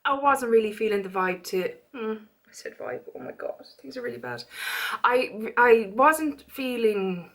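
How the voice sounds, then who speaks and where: A woman with an Irish accent chatting in a casual beauty haul vlog, animated and quick to go off on a rant. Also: fairly high pitch. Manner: chatty, animated, prone to rants. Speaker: beauty vlogger.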